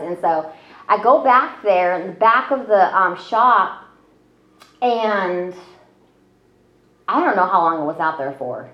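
A woman's voice: lowish voice, unhurried, long pauses. A woman telling her own story in casual conversation, chatty and self-deprecating, with lots of fillers. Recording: roomy, slightly dull audio.

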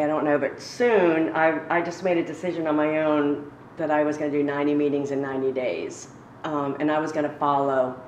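A woman giving a halting, reflective personal testimony as a recovery speaker, with many pauses and fillers. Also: low voice, darkish tone, roomy sound, a little hiss or hum.

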